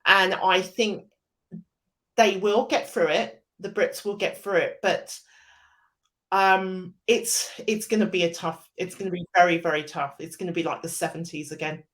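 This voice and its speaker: A woman's voice: fairly low pitch, moderate pace, fairly bright tone. A woman from Britain co-hosting a podcast, talking earnestly about the news in a rambling way with many fillers. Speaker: podcast co-host. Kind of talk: casual chat.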